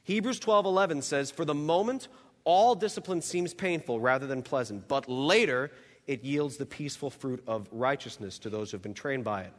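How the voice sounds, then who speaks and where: A man with a medium-pitched voice preaches a sermon at a normal pace, earnest and emphatic as he works through numbered teaching points. The recording carries a long hall reverb.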